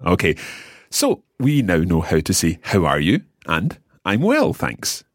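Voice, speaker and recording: Very deep-voiced, lively male teacher. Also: no room sound, clean studio sound. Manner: patient, explanatory, models words slowly. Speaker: language teacher and host. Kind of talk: scripted language lesson.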